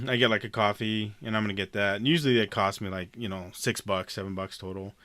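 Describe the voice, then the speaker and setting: A man's voice: lowish voice, steady tone, fairly quick, fairly bright tone, no echo. A man telling a rambling, profane story in a casual chat, laughing often as a podcast co-host.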